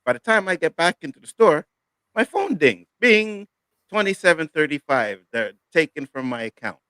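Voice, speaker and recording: A man's voice: on the high side, normal speed, no room sound. A man hosting a casual panel talk show, telling a long story in a profane, worked-up way. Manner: profane, animated storytelling rant. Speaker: show host.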